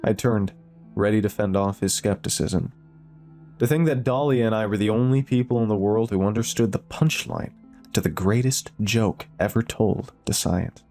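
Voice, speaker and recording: Low mellow male horror narrator. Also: moderate pace, soft background music. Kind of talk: scripted horror story narration.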